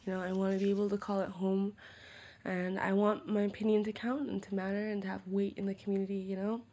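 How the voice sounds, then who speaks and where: A woman's voice: medium pitch, little pitch movement, fast, dark tone. A young woman from Canada in a documentary interview, talking earnestly and casually with many fillers.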